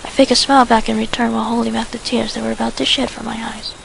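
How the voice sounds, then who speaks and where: A woman reading first-person fan fiction narration in a quiet, soft voice. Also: on the high side, level tone, fast, vocal fry, a little hiss or hum, poor audio.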